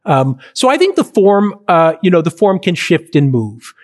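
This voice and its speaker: Animated, storytelling middle-aged man. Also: sits high, moderate pace. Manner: animated storyteller, acts out quotes. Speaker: filmmaker guest. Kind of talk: conversational interview.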